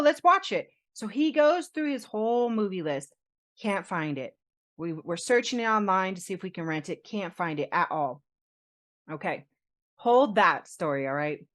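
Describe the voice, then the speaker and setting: A woman podcast co-host telling a personal story in casual chat, animated, laughing often and acting out what others said. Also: on the low side.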